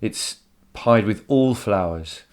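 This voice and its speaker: A man with a very low voice talks through a poem for his students. He explains with enthusiasm and repeats words as he works out each point. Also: slow, a little mellow, clean tone. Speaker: teacher. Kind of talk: recorded poetry lesson. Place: home.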